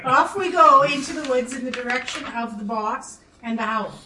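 A high, bright woman's voice pleads earnestly at a tabletop game. She sits a little back from the mic in a roomy room, with faint hiss. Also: moderate pace, distant mic. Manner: earnest, insistent. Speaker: player.

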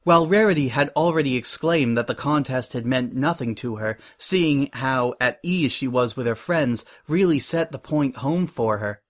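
Male narrator, mid-pitched, steady storybook reading. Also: normal speed, few pauses. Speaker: reader.

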